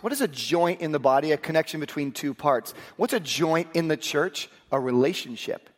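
A man's voice: on the high side, normal speed. A male pastor preaching a sermon to his church, telling stories and acting out bits of dialogue. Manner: animated storytelling with acted-out dialogue. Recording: long hall reverb.

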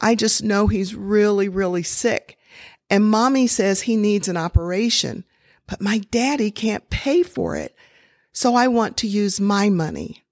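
A woman's voice: medium pitch, lively intonation, unhurried, darkish tone, no echo, clean studio sound, pitched above the performer's own voice. A woman voicing a determined eight-year-old girl who pleads insistently. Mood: tearful.

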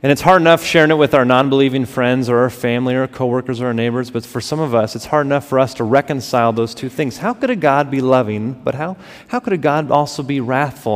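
A man in his thirties preaching a sermon, swinging between loud emphasis and hushed, drawn-out words. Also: medium pitch. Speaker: pastor. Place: church sanctuary. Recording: long hall reverb.

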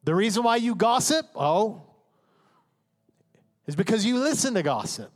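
Male pastor, high voice, emphatic conversational sermon delivery, acts out inner voices, big hall reverb. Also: very animated, moderate pace. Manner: emphatic preaching, acting out inner voices and prayers.

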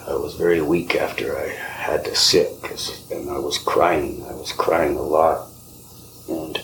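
A man hosting a podcast, telling spiritual stories softly, often dropping to a whisper. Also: a bass voice, vocal fry, a little hiss or hum, low-quality recording. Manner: slow, soft-spoken, often whispering. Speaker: podcast host. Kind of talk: spiritual storytelling.

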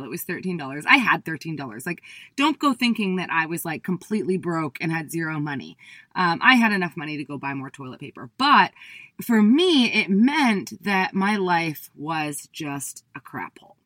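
A woman in her thirties giving a talk, telling a personal story with lively acted-out quotes of her past self. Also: no echo. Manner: animated, acts out her own past voice in high bursts. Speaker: speaker.

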